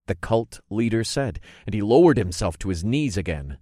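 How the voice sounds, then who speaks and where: A man narrating a first-person fantasy audiobook with expressive storytelling. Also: lowish voice, normal speed, hardly any pauses, dry recording, clean studio sound.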